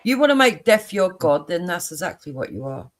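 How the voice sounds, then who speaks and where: A man's voice: high voice, sing-song, fairly quick, fairly bright tone. A man hosting a casual live stream debate, blunt and argumentative.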